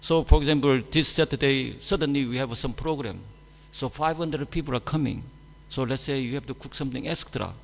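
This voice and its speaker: A man giving a scripture class in halting, simple non-native English, turning animated when he mimics others. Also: medium pitch, creaky. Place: temple hall. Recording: echoey hall.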